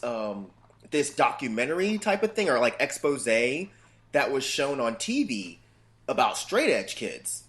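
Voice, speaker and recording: A man in his thirties chatting casually as a guest, loose and profane, telling stories about his family. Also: medium pitch. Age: 30s. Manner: loose, profane, animated storytelling. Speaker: podcast guest. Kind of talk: casual chat.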